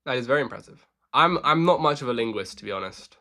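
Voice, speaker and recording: A man's voice: medium pitch, lively intonation, fast talker, bright, forceful tone. A young man chatting casually with his live-stream audience while playing chess, joking and answering questions.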